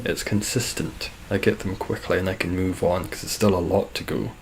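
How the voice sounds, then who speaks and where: A man's voice: low voice, darkish tone, a little hiss or hum. A young Scottish man chatting on a live game stream, reading viewer comments with dry, sarcastic humour. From Scotland.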